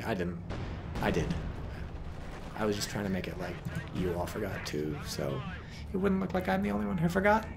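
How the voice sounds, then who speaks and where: A man's voice: on the low side, background noise. A man commentating a strategy game on a live stream, joking and rambling while reading out chat.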